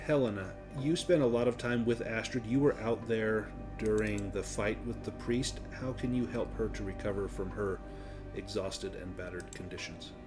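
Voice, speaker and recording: A man running a tabletop game as game master, narrating in a relaxed, conversational way. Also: fairly low pitch, moderate pace, over music.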